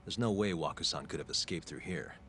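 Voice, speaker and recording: A man voicing an earnest lawyer-turned-detective in a video game, speaking in a calm, measured way. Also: a bass voice, noisy background. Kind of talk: game voice acting.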